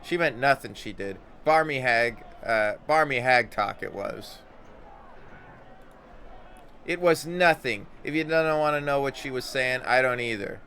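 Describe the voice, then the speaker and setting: A man voicing a prickly, gruff young woman with a tail in a game, in a blunt voice that tags lines with "it is". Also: mid-range voice, a little slow, bright, forceful tone, a little hiss or hum. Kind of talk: reading game dialogue aloud.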